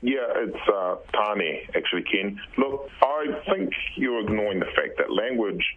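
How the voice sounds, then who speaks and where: A man from New Zealand calling in, calm and patient, politely correcting the host. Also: fairly low pitch, measured pace. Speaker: caller. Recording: tinny phone line.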